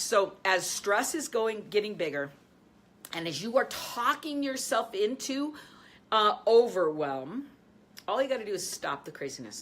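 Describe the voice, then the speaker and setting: A woman hosting a coaching video, teaching energetically and addressing viewers directly, laughing often, then softening to a calm low voice to guide breathing. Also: normal speed. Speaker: host, life and business coach.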